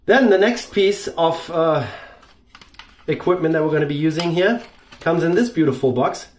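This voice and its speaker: A man's voice: a little high, animated, normal speed, darkish tone, slight background noise. A man hosting a shaving channel, talking through his gear in a loose, rambling way with many fillers. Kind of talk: casual product review.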